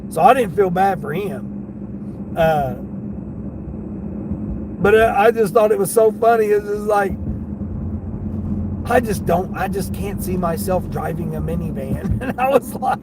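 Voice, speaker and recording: Laughing storyteller, man, higher-pitched, streaming from a car with clear road noise. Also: a little slow, long pauses. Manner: laughing, animated retelling with quoted voices. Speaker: delivery driver streamer. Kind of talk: casual livestream storytelling while driving. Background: car and street noise.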